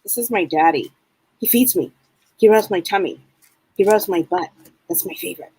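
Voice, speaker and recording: A woman voicing a playful male pet dog that begs for attention in a high, eager voice. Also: normal speed, mellow, husky, poor audio.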